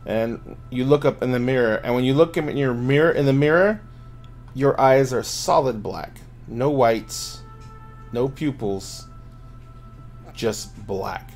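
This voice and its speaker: Man in mid pitch narrating a tabletop game. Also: slow, soft background music. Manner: loose, filler-heavy narration with many restarts. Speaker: game master.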